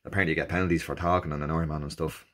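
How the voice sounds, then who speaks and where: A man with an Irish accent casually recounting his first endurance race, animated and jokey, acting out the people he met. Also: extremely low pitch, racing. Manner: animated, jokey, acts out quoted exchanges in raised voices. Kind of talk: casual storytelling.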